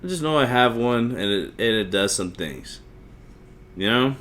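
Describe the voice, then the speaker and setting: A man's voice: mid-range voice, animated, moderate pace, a bit bright, a little hiss or hum. A man in his thirties hosting a solo podcast, rambling freely with lots of swearing and self-mocking asides. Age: 30s. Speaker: podcast host.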